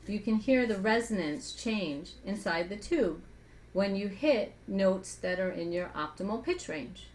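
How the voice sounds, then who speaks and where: Woman voice coach, energetic and chatty, mid-pitched, teaching as she talks. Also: a little slow, a little hiss or hum. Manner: energetic, chatty, asks rhetorical questions; speaks with a singer's trained voice. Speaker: voice coach guest. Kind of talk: conversational teaching with vocal demonstrations.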